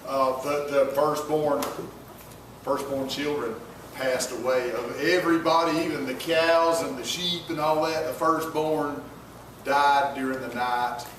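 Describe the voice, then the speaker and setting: A man preaches informally, retelling a story in a folksy, rambling manner with many restarts and asides to his listeners. His medium-pitched voice is a little slow and a bit bright, with fairly even intonation. The room is very echoey, the mic is far off, and there's a little hiss or hum.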